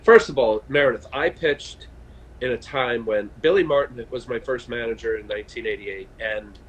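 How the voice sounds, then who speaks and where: A man in his fifties, a former pitcher, telling stories in a casual interview over a video call, animated and full of fillers and restarts. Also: moderate pace, rough recording. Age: 50s. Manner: chatty storyteller, animated, frequent fillers and restarts. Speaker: guest, former baseball pitcher.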